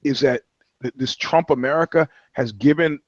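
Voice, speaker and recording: A man's voice: medium pitch, moderate pace, no echo, dull audio. A man talking as a podcast guest, telling loose, profane anecdotes in casual chat. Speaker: guest, touring musician.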